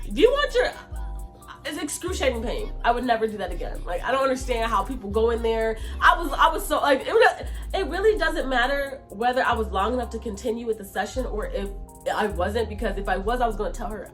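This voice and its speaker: A woman with a fairly high voice tells a story to her channel, and her pitch swings up and down all the time. She chats casually, breaks into laughter and restarts her sentences a lot. Soft music plays faintly behind her. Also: fast. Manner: animated, laughing often, many restarts. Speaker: vlogger.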